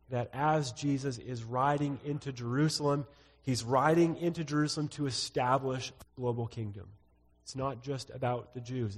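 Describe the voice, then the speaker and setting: Man preaching in a reverberant hall. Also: medium pitch. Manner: teaching through scripture, reads verses aloud, frequent "uh" fillers. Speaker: pastor. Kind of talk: sermon.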